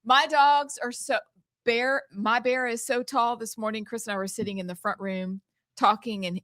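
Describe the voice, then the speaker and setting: A woman's voice: on the high side, steady tone, normal speed, a bit bright, no echo. A woman co-hosting a podcast, chatting playfully and talking to the listeners. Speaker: podcast co-host. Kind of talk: casual chat.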